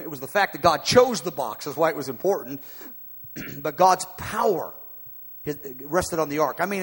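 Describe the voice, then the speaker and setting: A male preacher delivering a sermon with a high voice. He is emphatic and swings between loud bursts and quiet asides. His voice rings with long reverb as if it fills a big church hall. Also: breathy edge.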